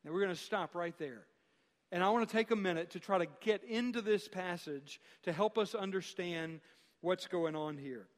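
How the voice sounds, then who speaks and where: A man preaching a sermon as pastor, speaking emphatically with dramatic pauses and rhetorical questions. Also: high-pitched, in a large hall.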